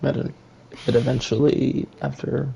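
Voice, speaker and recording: A man's voice: medium pitch, level tone, normal speed, gravelly, warm tone. A man narrating a tabletop game as game master, describing scenes in a rambling way with many fillers. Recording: muffled lo-fi with faint hiss.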